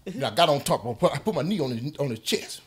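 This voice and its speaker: A man's voice: fairly high pitch, fast, slightly rough. A man telling a story in casual talk, laughing and acting out voices and sound effects. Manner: animated, laughing, acts out quotes and sound effects. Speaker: podcast guest telling a story. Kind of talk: casual storytelling among friends.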